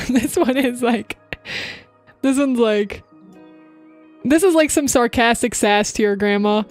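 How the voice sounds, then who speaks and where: A woman's voice: a little high, a little slow, faint music behind. A woman streamer chatting casually into her microphone, giving upbeat voice acting tips to her chat. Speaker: VTuber streamer.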